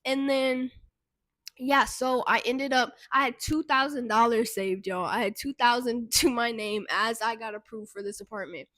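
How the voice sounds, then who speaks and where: A young woman telling a casual storytime vlog, animated and swearing freely, talking straight to her viewers. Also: fairly high pitch, normal speed, dry recording. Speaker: vlogger and intuitive guide.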